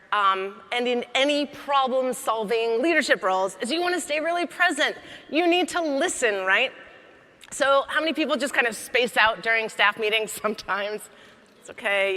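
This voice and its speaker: A woman comedian and coach giving a lively, joking keynote talk to a conference audience. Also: sits high. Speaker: keynote speaker. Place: large conference hall. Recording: long hall reverb.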